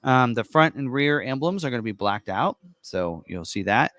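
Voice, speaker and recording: A man giving a casual, unscripted walkthrough of an online configurator, chatty and full of ums and quick self-corrections. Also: mid-range voice, expressive, a bit bright, no room sound, studio quality. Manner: casual and chatty, many ums and uhs, corrects himself on the fly. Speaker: car presenter walking through an online configurator.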